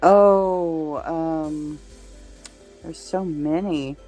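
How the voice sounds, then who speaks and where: A woman's voice: low voice, fairly even intonation, extremely slow, dark tone, dry recording, soft background music. A woman in casual chat who speaks hesitantly, with many ums. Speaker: chat participant.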